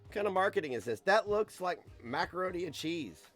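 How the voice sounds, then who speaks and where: Casually chatting on a stream from his computer at home, this young man from the United States rambles with crude sarcasm. He speaks briskly and expressively in a fairly high, somewhat bright voice over quiet background music.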